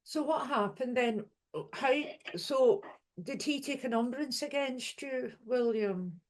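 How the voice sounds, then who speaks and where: An interviewer who reflects back what the guest has said and asks gentle follow-up questions. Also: high voice, takes it slowly, poor audio.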